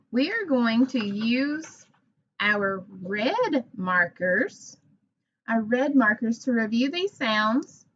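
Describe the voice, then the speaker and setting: Woman teacher, slightly high voice, slow and encouraging, phonics lesson for children, dull recording. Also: fairly bright tone. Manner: slow, clear, encouraging teacher talk with modeled sounds.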